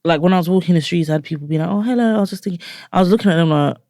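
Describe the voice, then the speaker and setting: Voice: medium pitch, fairly even intonation, racing, darkish tone, no room sound, studio quality. A guest with a London accent in casual podcast chat, telling stories animatedly and acting out reactions with swearing.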